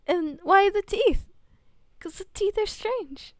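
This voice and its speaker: Young woman, Southern American accent, giggly streamer chat, high voice, dry room. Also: animated, slow pace, no echo. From Southern United States. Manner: giggly, laughs often, chatty. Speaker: livestreamer. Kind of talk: casual chat with live chat.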